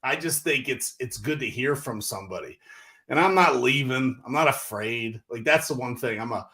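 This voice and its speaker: A man, hosting a casual livestream with animated, exasperated talk full of fillers. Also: medium pitch, normal speed. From Northeastern US. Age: 40s. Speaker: livestream host.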